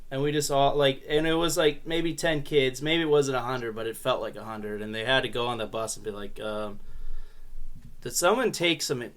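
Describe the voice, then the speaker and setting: A man's voice: medium pitch, moderate pace, a bit bright. A young adult man hosting a casual comedy podcast, telling rambling, profane stories with laughs. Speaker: podcast host.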